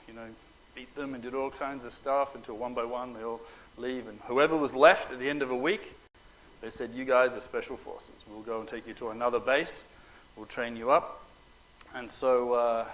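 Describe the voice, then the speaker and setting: A middle-aged man telling personal stories to an audience at a Bible school, animated and joking, acting out the quotes. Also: mid-range voice, slight background noise, low-quality recording. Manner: animated storyteller, acts out quotes, joking asides. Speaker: preacher. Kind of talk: storytelling talk to an audience.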